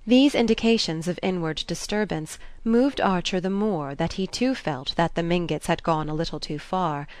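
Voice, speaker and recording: A woman narrating a classic novel in a measured, even reading. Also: lowish voice. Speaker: audiobook narrator.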